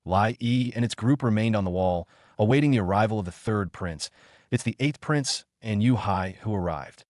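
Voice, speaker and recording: A man with a lowish voice reads a storybook-style fantasy tale in a steady, even way. The recording is dry and close, with no room sound at all. He lifts his pitch a little when the characters speak. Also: moderate pace, dry recording. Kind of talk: scripted storybook narration.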